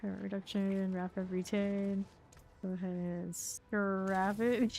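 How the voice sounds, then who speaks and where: Slow, gravelly-voiced woman streamer. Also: medium pitch, level tone, a little mellow. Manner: chatty, reacts to chat with quick asides and laughs. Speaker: game streamer. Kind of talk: casual chat while playing.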